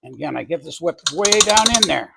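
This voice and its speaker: Expressive and a little fast, the fairly high voice carries vocal fry over heavy background noise. The speaker, a middle-aged home baking host from New England with that accent, casually demonstrates a cake recipe in his home kitchen, rambling, self-correcting and chatting aside.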